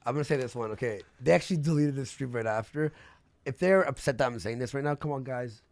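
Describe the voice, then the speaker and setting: Brief: young male streamer, gravelly, rambling storyteller, mid pitch. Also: fast talker, a little mellow, no room sound. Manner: rambling gossip storyteller, swearing, laughing. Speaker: streamer host. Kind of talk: casual livestream chat.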